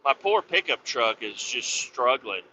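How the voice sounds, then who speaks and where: Bright-voiced profane man ranting. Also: medium pitch, very animated, unhurried. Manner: profane, rambling rant. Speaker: podcast host. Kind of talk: casual storytelling. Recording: slightly dull lo-fi sound with faint noise.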